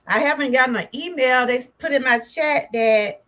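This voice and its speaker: A woman's voice: sits high, normal speed, bright, forceful tone. A woman from Georgia with a Southern accent, chatting with viewers on a livestream as a wellness vlogger, exclaiming and talking back to her chat.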